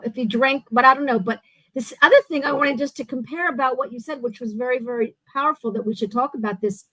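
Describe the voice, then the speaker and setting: A woman hosts an interview show, telling stories in an animated way and restarting her sentences often. Her voice sits high. The sound is dry and close. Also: no room sound, poor audio. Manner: animated storytelling with many restarts. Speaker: host. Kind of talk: casual interview chat.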